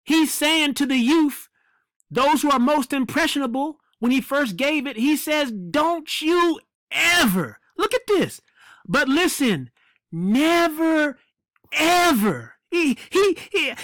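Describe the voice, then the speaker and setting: A man's voice: very high voice, lively intonation, fairly bright tone, no room sound. Emphatic preacher man, dry close sound. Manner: emphatic, repeats phrases for effect; drawn-out dramatic emphasis. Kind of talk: fiery sermon.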